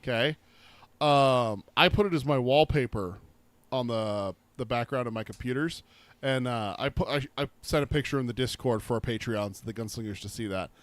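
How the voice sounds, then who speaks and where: A man co-hosting a book podcast, telling stories in an animated way, swearing and laughing as he talks. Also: medium pitch, normal speed, no room sound. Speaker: podcast co-host. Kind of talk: casual chat.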